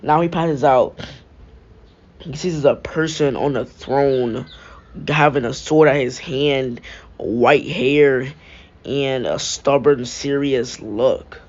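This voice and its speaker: A young man slowly improvising a fan-fiction story, restarting sentences and stringing ideas together with filler phrases. His voice sits mid-range for a man, and the mic sounds dull and lo-fi. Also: mid-range voice.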